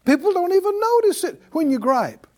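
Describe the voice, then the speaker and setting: A man's voice: very high-pitched, very animated, normal speed, a little mellow. A man preaching a sermon, who keeps quizzing his listeners with "Huh?". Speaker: preacher and Bible teacher.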